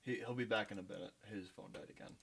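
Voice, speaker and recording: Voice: medium pitch, quick pace, heavy background noise. A host opening a tabletop game stream over an online call, talking in a casual, upbeat way. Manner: animated, upbeat. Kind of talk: casual chat.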